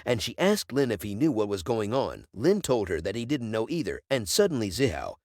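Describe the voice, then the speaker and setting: Man narrating with a lively pitch. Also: fairly quick, no room sound, clean studio sound. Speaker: recap narrator. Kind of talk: scripted narration.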